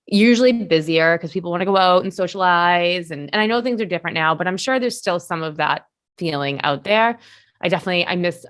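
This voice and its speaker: A woman with a Boston accent, co-hosting a business podcast in a chatty way and laughing often. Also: lowish voice. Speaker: podcast co-host. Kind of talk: casual chat.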